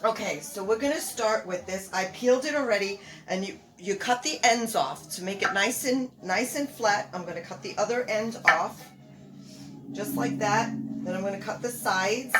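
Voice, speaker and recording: A woman's voice: mid-range voice, normal speed, fairly bright tone, faint music behind. Chatty older woman hosting a home cooking show. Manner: chatty, homey, rambling with fillers. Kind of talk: casual cooking demonstration.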